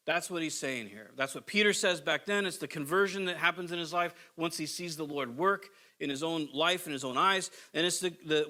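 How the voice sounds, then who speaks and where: Bright-voiced male pastor, conversational sermon. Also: on the high side. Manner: conversational storytelling, acts out quotes.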